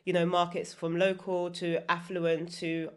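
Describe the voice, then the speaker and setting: A woman with a slightly low voice talks through property investing as a podcast guest. She lays out her points as lists and keeps tagging them with "right?" and "exactly". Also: completely flat delivery, unhurried. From United Kingdom. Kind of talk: podcast interview.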